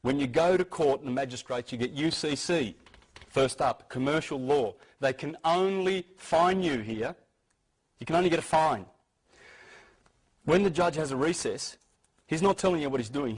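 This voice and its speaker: A man with a medium-pitched, slightly breathy voice gives an informal lecture, pressing his points emphatically and insistently. He frequently restarts and repeats words, and the audio quality is poor.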